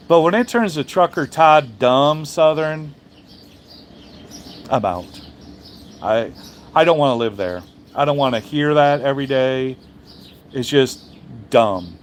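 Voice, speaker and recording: A man talks loosely to his viewers, answering his chat in a meandering way. He is blunt and swears freely, often restarting his sentences. His voice sits at an ordinary middle pitch. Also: lively intonation, takes it slowly, pauses often, slight background noise. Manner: rambling, profane, blunt, with frequent restarts. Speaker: trucker streamer reading chat. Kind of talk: casual livestream chat.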